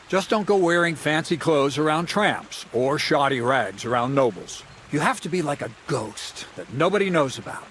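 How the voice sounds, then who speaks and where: A sly, scheming thief mentor voiced by a man in a medieval video game, talking in a wry, mocking, conspiratorial way. His voice sits mid-pitch, with a faint hiss of ambience behind it. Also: a bit bright, lightly acted. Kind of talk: studio video game dialogue.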